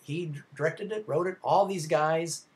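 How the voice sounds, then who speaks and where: A man's voice: a little high, normal speed. A male film instructor giving a recorded slide lecture, chatty and rambling, with many filler sounds and restarts, speaking directly to his students. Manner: conversational, addresses students directly.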